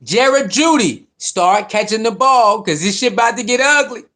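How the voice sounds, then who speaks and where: A man giving excited football reaction commentary, hyped and taunting, repeating his points and talking straight to his viewers in slangy speech. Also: high-pitched, moderate pace. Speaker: sports reaction vlogger.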